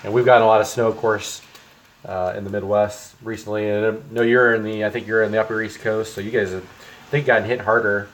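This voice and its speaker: A young man cooks in his home kitchen on a livestream, chatting casually with viewers and rambling with lots of ums. His voice is on the low side with little pitch movement, and he talks a little fast.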